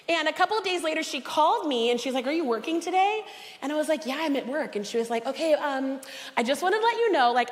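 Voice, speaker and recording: High-voiced woman telling stories in a hall. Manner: lively storytelling, acting out quoted voices. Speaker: conference speaker and cookbook author. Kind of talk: personal motivational talk to an audience. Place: large conference hall. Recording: long reverb of a large hall.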